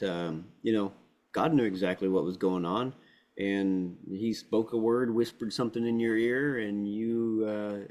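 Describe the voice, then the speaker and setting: Male host, slightly low voice, affirming and earnest, explains spiritual ideas. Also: darkish tone. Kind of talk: spiritual talk-show chat.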